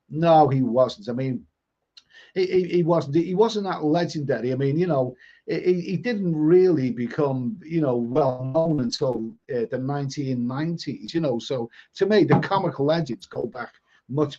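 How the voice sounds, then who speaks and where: A man's voice: medium pitch, lively intonation, normal speed, dark tone. A middle-aged man with a Liverpool accent hosting a live stream, chatting casually and reading viewer comments, often stammering and repeating words. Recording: dull lo-fi stream audio.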